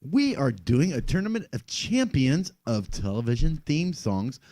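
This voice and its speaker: A man's voice: mid-range voice, unhurried, dry recording. A man co-hosting a live podcast, trading jokes and banter in casual chat. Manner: lively, joking banter. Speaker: podcast co-host.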